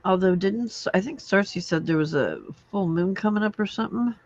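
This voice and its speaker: A woman's voice: medium pitch, fairly quick, darkish tone, no echo, highs cut off. A woman hosting a late-night crafting livestream from home, chatting casually, laughing often and scolding her cats. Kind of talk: casual chat while crafting.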